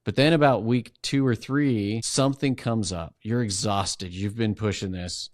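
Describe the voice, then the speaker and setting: A man with a low-pitched voice talks through ideas as a podcast guest, animated and quick to act out the inner voices he describes. The sound is dry and close, with little room around him. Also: no echo. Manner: animated, acts out inner voices while explaining. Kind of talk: conversational explanation.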